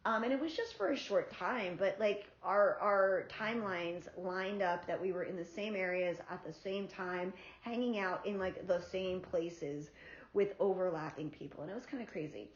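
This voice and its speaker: A woman vlogger from South Florida telling a personal story in a candid, profane, animated way. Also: mid-range voice, normal speed. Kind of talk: casual storytelling. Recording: roomy, slightly dull sound.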